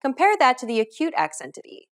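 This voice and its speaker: Woman, scripted lesson narrator, clear and instructive, animated delivery. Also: high-pitched, a little fast. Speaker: language teacher.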